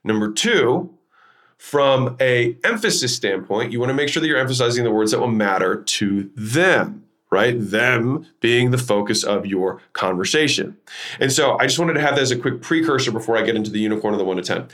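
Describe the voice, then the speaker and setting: A man hosting his own podcast, teaching sales techniques in an emphatic, energetic way, shifting his tone and pace to make points. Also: mid-range voice, normal speed. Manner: energetic, emphatic, varies tone to demonstrate. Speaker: podcast host.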